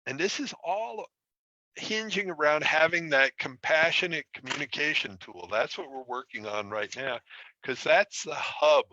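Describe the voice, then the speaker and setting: A man's voice: a little high, a little slow, pushed and bright, no room sound, muffled recording. A man teaching an online relationship course, explaining in a conversational way with self-deprecating stories. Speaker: relationship coach. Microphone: streaming from a computer.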